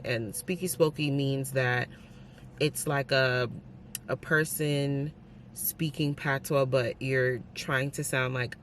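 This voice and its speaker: A woman's voice: very deep voice, a bit bright, slight background noise. A young adult woman chatting casually in a reading vlog, giving candid, opinionated reactions to books. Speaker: book vlogger.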